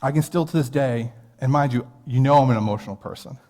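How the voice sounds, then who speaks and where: Speaking fast in a mid-range voice that's a little mellow, an American pastor in his thirties shares a personal story in his sermon. He sounds earnest and conversational, and the church sanctuary adds a long hall reverb.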